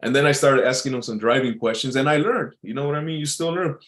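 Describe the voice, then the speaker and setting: A man's voice: medium pitch, fast talker, fairly bright tone. Rambling man in a casual monologue. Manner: rambling, many fillers and restarts. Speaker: entertainer.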